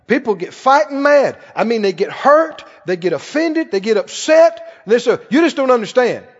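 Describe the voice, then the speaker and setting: A man's voice: extremely high pitch, big pitch swings, normal speed. A male pastor preaching a sermon, emphatic, repeating phrases and quoting scripture. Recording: echoing hall, dull lo-fi sound.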